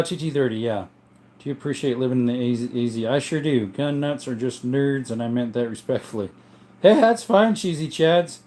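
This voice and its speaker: A man's voice: mid-range voice, a little mellow. Laid-back man with a worn voice. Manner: laid-back, rambling, reads comments aloud. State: strained, worn voice. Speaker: livestream host and gun collector. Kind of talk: casual live chat answering viewers. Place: home room with a gun collection.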